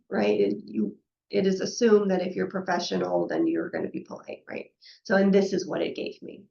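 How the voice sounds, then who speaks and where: A woman's voice: on the low side, wildly swooping pitch, brisk, gravelly, mellow, dull audio. A woman giving a professional webinar presentation, talking conversationally, often checking in with "right?" and acting out quoted exchanges.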